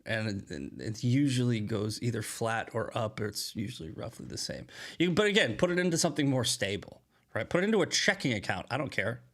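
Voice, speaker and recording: A man's voice: expressive, a little fast. Blunt rambling man. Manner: rambling, blunt, swings into loud high mocking voices. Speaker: political commentary host. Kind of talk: casual live-stream commentary.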